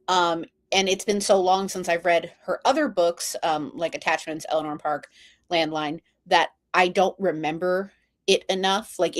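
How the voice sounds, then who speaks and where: A woman booktuber hosting a casual book club chat on a video call, speaking in a measured, relaxed way with frequent ums. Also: mid-range voice.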